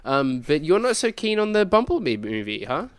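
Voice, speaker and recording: A man's voice: on the high side, very animated, normal speed, smooth, no echo. Upbeat man hosting a podcast. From Australia. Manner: upbeat, teasing, laughs often. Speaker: podcast host. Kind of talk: casual podcast chat.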